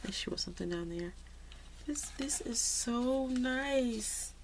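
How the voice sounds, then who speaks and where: Lady opening cards on her craft vlog, slow, gushy, y'all this y'all that, faint hiss and paper rustling. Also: a little high. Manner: gushing, excitable, says "y'all". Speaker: crafting vlogger. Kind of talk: casual happy-mail unboxing.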